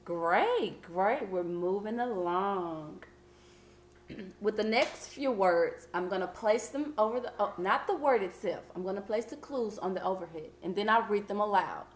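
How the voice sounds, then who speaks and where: A woman teacher leading a vocabulary lesson, patient and encouraging, reading clues out slowly. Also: mid-range voice, expressive, echoey room. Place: classroom.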